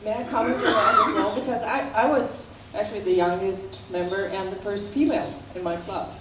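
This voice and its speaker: An earnest woman speaking on a conference panel, halting now and then. She is heard from a distance in an echoey hall, with faint noise underneath. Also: medium pitch, fairly even intonation. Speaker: panelist, club member.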